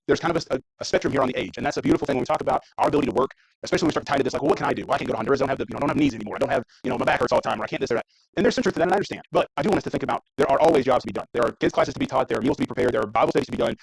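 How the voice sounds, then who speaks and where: A man preaching a casual, conversational sermon in church while showing mission trip photos, talking fast and often restarting his sentences. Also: mid-range voice, vocal fry, no echo, low-quality recording. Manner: fast, conversational, self-interrupting. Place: church sanctuary.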